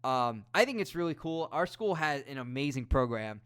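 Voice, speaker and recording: A man's voice: medium pitch, animated, normal speed, fairly bright tone, clean tone. A young adult man hosting a podcast, asking rambling, friendly questions with fillers. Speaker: podcast host. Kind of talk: casual podcast interview.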